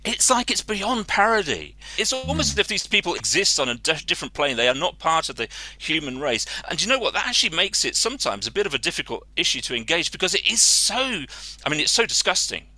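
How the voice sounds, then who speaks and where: A man speaking as a guest advocate, impassioned and earnest, pausing with fillers as he searches for words. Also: fairly high pitch, very animated, sharp tone, dry recording, low-quality recording. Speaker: guest, anti-trophy-hunting advocate. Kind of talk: earnest interview answer.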